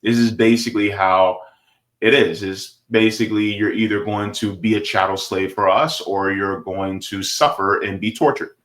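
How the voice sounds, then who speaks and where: A man's voice: fairly low pitch, steady tone, moderate pace, a bit bright. Emphatic man reacting to a clip. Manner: emphatic, repeats points with "right?" and "baby". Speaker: commentator reacting to a video. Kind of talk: casual political commentary.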